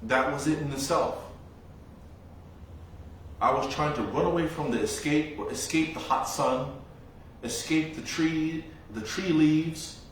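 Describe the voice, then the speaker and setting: A man giving a dharma talk as a Buddhist monk teacher, telling stories slowly and reflectively with long pauses. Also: a little high, a little hiss or hum. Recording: very echoey room, voice from far off.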